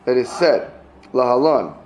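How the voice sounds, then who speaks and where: A man with a mid-range, darkish voice teaches expressively and a little slowly, reading a text phrase by phrase and translating each piece. He asks his students questions and repeats himself, and the audio quality is poor.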